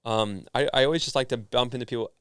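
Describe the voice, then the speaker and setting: Australian guy chatting on a podcast, smooth clear voice, dry close sound. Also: medium pitch, quick pace, no echo. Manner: animated storyteller, filler-heavy. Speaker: podcast guest, founder and speaker. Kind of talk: casual interview chat.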